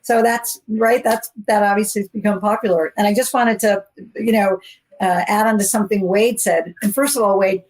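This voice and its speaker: A woman's voice: mid-range voice, moderate pace, poor audio. Rambling, chatty woman telling a story. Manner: rambling, animated, acts out quoted dialogue, many fillers. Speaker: podcast co-host. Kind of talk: casual storytelling.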